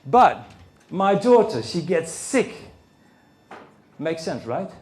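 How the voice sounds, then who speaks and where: Man, high voice, very lively pitch, storytelling to a crowd, acting out quotes, echoey hall. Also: slow pace. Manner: animated storytelling, acting out the other people's lines. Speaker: speaker at a men's issues conference. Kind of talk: personal story told to a live audience. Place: conference hall. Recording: roomy hall sound.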